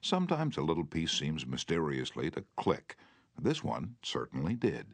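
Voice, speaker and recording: A man reading a self-help audiobook aloud in a measured, earnest way, turning tender and remorseful in the quoted letter. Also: a bass voice, wildly swooping pitch, dry recording. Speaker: audiobook narrator. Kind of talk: scripted audiobook narration.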